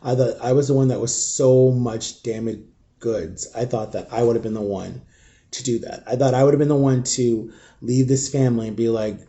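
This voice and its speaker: A grieving man speaks to his viewers in a very dark, mellow voice at an ordinary pitch. He talks in halting, raw bursts and often drops almost to a whisper, sounding shaken. It is an emotional storytime vlog. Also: fairly even intonation, dull audio. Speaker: vlogger.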